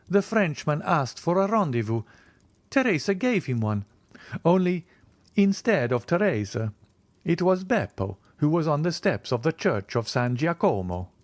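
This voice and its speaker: An earnest young male servant from an audiobook reading, as a man puts him on. He recounts events eagerly and respectfully, with plenty of lift in his pitch, recorded close and dry. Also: no echo. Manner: eager, deferential storytelling.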